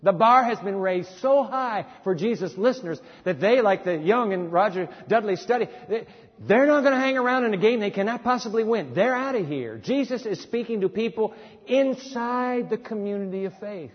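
A man preaching a sermon in a church hall, dramatic and swinging from emphatic to hushed, questioning the congregation. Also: sits high, animated, normal speed. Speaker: pastor. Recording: lo-fi sermon recording in a reverberant hall.

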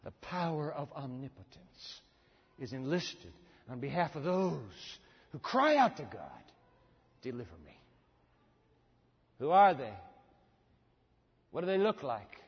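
A male pastor preaching a sermon. His delivery swings dramatically between booming and hushed, and he asks the congregation rhetorical questions. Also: big pitch swings, unhurried, pauses often, husky. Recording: long hall reverb, dull sound.

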